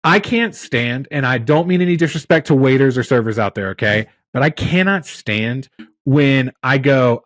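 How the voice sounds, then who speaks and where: A man's voice: mid-range voice, moderate pace, a bit bright, dry recording. A man hosting a podcast, telling long stories in a rambling, exasperated way during casual chat. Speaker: podcast host.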